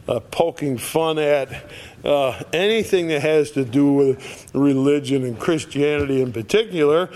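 A man teaching a Bible passage in a conversational, folksy way, with many fillers and acted-out quotes. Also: medium pitch. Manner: folksy, filler-heavy, acts out scoffers' voices.

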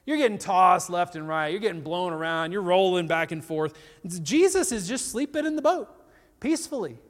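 A man preaching a sermon, telling a story with animated retellings and quoted voices. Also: sits high, moderate pace. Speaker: pastor. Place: church in Colorado. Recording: long reverb of a large hall.

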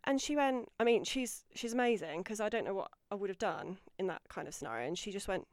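A woman telling a lively story in a casual podcast chat, acting out other people's lines and growing louder as she gets excited. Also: medium pitch, fast talker, dry recording, studio quality. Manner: animated storyteller, acts out quotes, gets louder when excited. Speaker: podcast guest.

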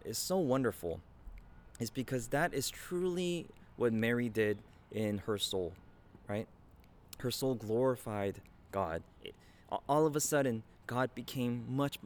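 A man in his thirties preaching a conversational sermon, earnest and warm in manner, often adding "right?" as he speaks. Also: mid-range voice. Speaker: pastor.

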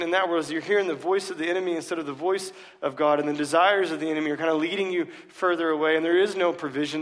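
A man's voice: fairly high pitch, fairly bright tone. A male pastor preaching a sermon in a casual, emphatic way, full of slang, in a church. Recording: long reverb of a large hall.

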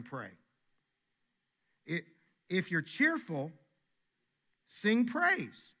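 A man, a pastor, preaching a sermon in an animated, emphatic way, often restarting his words. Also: fairly high pitch.

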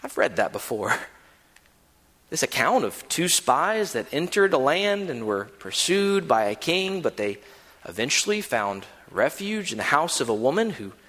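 A man preaches a sermon, retelling a story with animated flair and stumbling over repeated words. His voice is bright and fairly high, and it swings widely in pitch. A long church-hall reverb trails after each phrase. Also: a little slow. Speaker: pastor.

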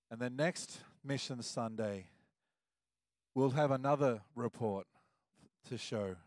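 A man's voice: medium pitch, darkish tone, no echo. Chatty Australian man, dry close voice. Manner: chatty, loose, self-correcting. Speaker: service leader. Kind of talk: casual church announcements.

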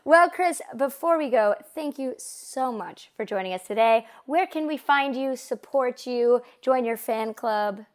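Chatty female podcast host, fairly high voice, warm enthusiasm, laughs easily. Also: animated, a little slow, few pauses. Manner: enthusiastic, giggly, many fillers. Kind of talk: casual interview hosting.

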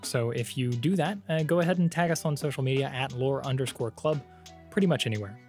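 A man hosting a podcast, talking in an easygoing, relaxed way with fillers. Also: medium pitch, fast, faint music behind. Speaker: podcast host. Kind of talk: casual chat.

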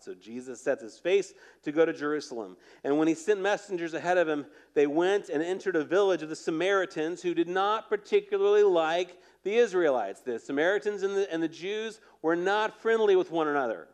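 A male pastor delivers a sermon in a relaxed, conversational tone, acting out the scenes as he goes. His voice sits slightly high for a man. At key moments he sinks into a soft, low, intimate hush. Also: brisk, hardly any pauses, clean tone. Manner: conversational, animated storytelling with acted quotes.

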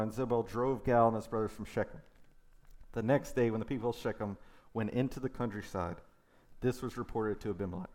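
Man preaching through a scripture passage. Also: medium pitch. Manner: reads scripture aloud with lively conversational asides. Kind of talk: sermon with scripture reading.

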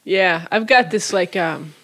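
A chatty podcast host leads a casual interview in a mid-pitched voice. The host talks freely and asks broad, open questions. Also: unhurried, a bit bright.

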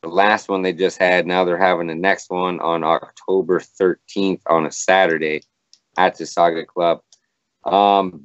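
A man's voice: deep voice, dry recording. A man co-hosting a casual sports podcast, joking and slangy. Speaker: podcast co-host. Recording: dry, dull lo-fi.

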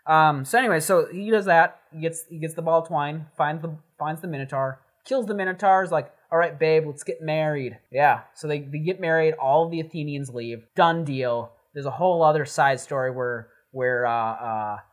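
A man hosting a podcast, retelling a Greek myth in casual, rambling talk, full of swearing and quick acted-out asides. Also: on the high side. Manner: rambling, profane, acts out characters in quick asides. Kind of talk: casual storytelling with friends.

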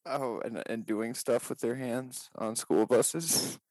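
A man's voice: medium pitch, slow pace, darkish tone, dry recording. A young man co-hosting a podcast, teasing and laughing through crude banter. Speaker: podcast co-host.

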